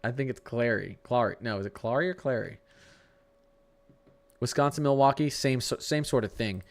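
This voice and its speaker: Speaking at medium pitch and normal speed, a livestream weather host, an adult with a young son, goes over the radar and replies to his chat. His talk is loose, with restarted sentences and stumbles over place names.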